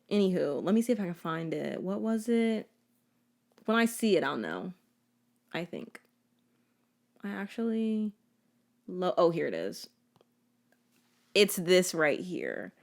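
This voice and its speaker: A woman's voice: on the low side, sing-song, a little slow, vocal fry, pauses often. A woman in her twenties hosting a casual solo podcast, chatty and sarcastic, with a playful, filler-heavy way of talking. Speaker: podcast host.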